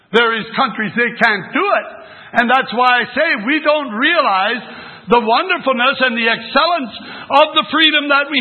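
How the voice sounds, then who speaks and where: An older man preaching a sermon at a religious meeting, telling folksy, rambling stories with many restarts. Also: sits high. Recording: tinny phone-like sermon recording.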